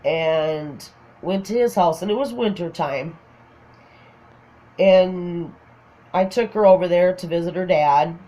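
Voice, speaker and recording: A woman's voice: lowish voice, slow pace, pauses often, mellow, rough recording. A woman with a Minnesotan accent casually telling a funny personal story, often laughing. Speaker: craft vlogger.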